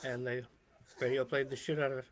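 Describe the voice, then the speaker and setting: A man's voice: mid-range voice, level tone, fairly quick, a little hiss or hum. A man in casual chat with friends, telling a rambling story with lots of fillers. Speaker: show co-host.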